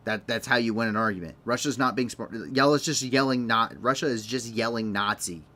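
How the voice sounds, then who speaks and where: A man's voice: medium pitch, fairly quick, bright, forceful tone. A young man hosting a live online news show, commenting off the cuff in a rambling, sarcastic way with many restarts.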